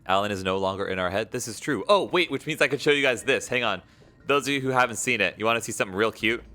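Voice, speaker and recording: A man's voice: mid-range voice, expressive, fast talker, pushed and bright, soft background music. A young man streaming a game late at night, chatting casually, reading viewers' messages aloud and encouraging them. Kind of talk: casual live-stream chat while gaming.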